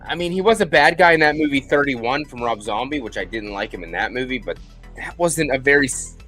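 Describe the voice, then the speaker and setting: Animated man hosting a live chat. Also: mid-range voice, fairly quick, soft background music. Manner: chatty, rambling, thanks viewers by name. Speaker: livestream host answering viewer questions.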